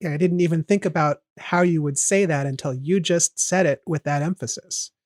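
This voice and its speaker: In a casual, analytical podcast chat, a male host walks step by step through a song's melody. His pitch is fairly high and his pace moderate. The recording is dry and clean, with studio sound.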